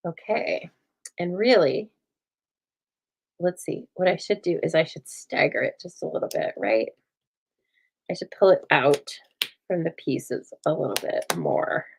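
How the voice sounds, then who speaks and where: A woman hosting a casual craft demonstration, chatty and often laughing, with a calm, soothing voice and a dry deadpan humor, recorded on a phone. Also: low-pitched, slow, creaky, long pauses, breathy edge, poor audio. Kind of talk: casual chat during a craft demo.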